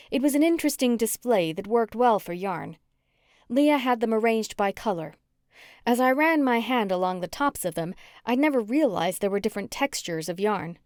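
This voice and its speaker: A woman narrating a cozy mystery audiobook in first person, with an even storytelling delivery. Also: mid-range voice, no echo, clean studio sound.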